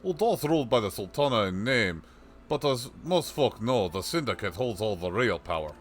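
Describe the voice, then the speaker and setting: A man's voice: fairly low pitch, very animated, moderate pace, faint music behind. A man voicing a chatty old male peddler with a put-on rustic accent and a folksy, rambling way of talking. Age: older. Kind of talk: reading game dialogue aloud on a livestream.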